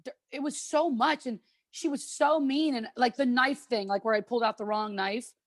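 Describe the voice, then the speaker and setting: A woman chatting casually on a podcast, telling lively stories about being a contestant on a cooking show and acting out the quotes. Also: on the high side, normal speed, dry recording, studio quality. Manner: animated, chatty storyteller who acts out quotes.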